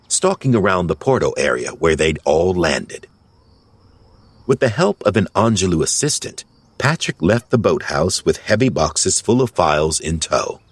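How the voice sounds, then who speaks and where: A man narrates a bedtime storybook at an unhurried pace. His low voice rises and falls with lively expression. The sound is close and dry. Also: husky, dry recording. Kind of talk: audiobook narration.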